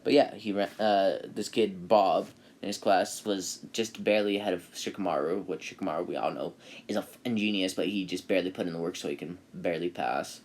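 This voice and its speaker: Man, low voice, rambling, fillers, self-correcting, casual storytelling. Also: brisk. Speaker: anime video maker.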